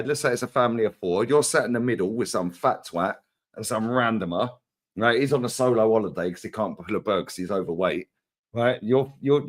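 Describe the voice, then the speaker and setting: Animated man ranting about football. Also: medium pitch. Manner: animated, swearing, street slang. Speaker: co-host, Arsenal fan. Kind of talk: casual football chat.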